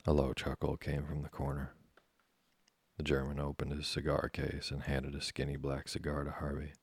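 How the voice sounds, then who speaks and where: A man reading a novel aloud as audiobook narration, in an even, unhurried storytelling manner. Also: extremely low pitch, breathy edge, no echo. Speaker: audiobook reader.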